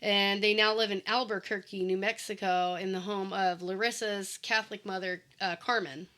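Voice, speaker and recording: Woman, bright tone, chatty, casual movie recap, lots of likes and ums. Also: medium pitch, fairly even intonation, moderate pace. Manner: chatty, many likes and ums, quotes characters. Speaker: podcast co-host.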